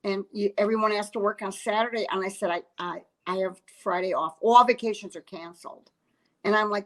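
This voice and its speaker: A woman's voice: mid-range voice, fairly quick, poor audio. A woman, a comedian telling a story in a casual chat, acting out quotes and laughing often. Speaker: comedian guest.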